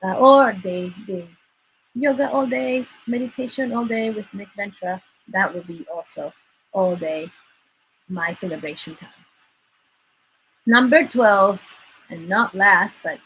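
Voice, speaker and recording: A woman coaching a live-streamed workshop in an earnest, encouraging way, leaning on repeated words to press her point. Her voice sits at an ordinary middle pitch. A faint noise runs under the recording. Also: unhurried, pauses often, a bit bright, low-quality recording. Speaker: life coach leading a workshop. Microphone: livestream mic.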